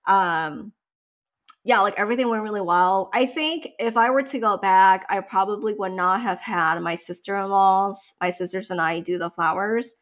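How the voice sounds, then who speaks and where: A woman's voice: mid-range voice, moderate pace, a bit bright. Chatty young woman telling a story. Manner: chatty, emotional, tearful at times. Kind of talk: casual chat.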